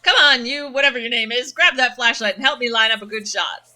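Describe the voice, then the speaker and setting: A woman reading aloud a gruff, protective man with a gun, loud and blustering. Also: extremely high pitch, brisk, exaggerated voice. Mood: angry.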